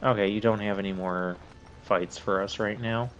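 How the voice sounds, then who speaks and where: A man hosting a let's play, giving casual, rambling commentary with drawn-out asides. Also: on the low side, fairly even intonation, muffled recording, slight background noise. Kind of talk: gameplay commentary.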